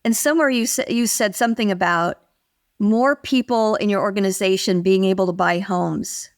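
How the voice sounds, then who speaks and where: An older woman speaks as a guest expert in a conversational interview. Her delivery is animated, and she slips into the voices of the people she quotes as she tells her stories. Her pitch sits in an ordinary middle range. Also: moderate pace.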